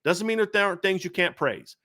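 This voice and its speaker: Middle-aged male sports host, high, bright and forceful, ranting with heavy emphasis. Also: a little fast. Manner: fired-up, emphatic, repetitive. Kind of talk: impassioned sports commentary rant.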